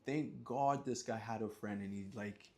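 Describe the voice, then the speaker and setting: A man casually telling a personal story, animated, with slang and sudden high-pitched acted outbursts. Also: moderate pace. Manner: animated, acts out scenes with sudden high yelps and sound effects; relaxed slang-laced talk.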